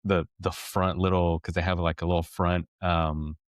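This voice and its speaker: A man's voice: low voice, flat delivery, moderate pace, no room sound, studio quality. A man co-hosting a parenting podcast, telling a personal story in a rambling, reflective way with many restarts. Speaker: podcast co-host. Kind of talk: casual storytelling chat.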